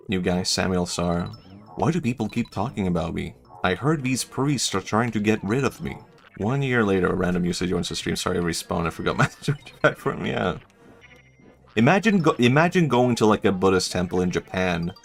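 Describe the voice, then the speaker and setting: A man's voice: low voice, vocal fry. A young man streaming a game, chatting casually, rambling and laughing often as he jokes. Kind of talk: casual gaming stream chat.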